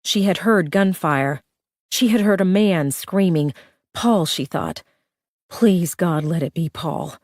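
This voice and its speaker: A woman's voice: on the low side, slow, darkish tone, dry recording, clean studio sound. A woman narrating a thriller audiobook with a tense, urgent reading.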